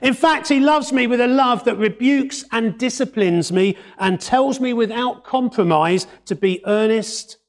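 A man preaching a sermon in a conversational way, with wry asides, dropping to a hush for emphasis. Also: sits high. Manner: expressive, varies tone and drops to a hush for emphasis.

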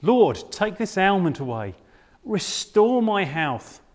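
A preacher voicing an apostle pleading in prayer. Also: male voice, sits high, very animated, slow, big-room sound, heavily acted.

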